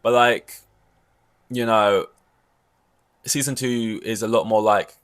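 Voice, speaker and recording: Rambling man with a lowish voice. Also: fairly even intonation, takes it slowly, fairly bright tone, clear, resonant tone. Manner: rambling, loose, peppered with "like" and swearing. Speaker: podcast host. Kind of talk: casual solo podcast chat.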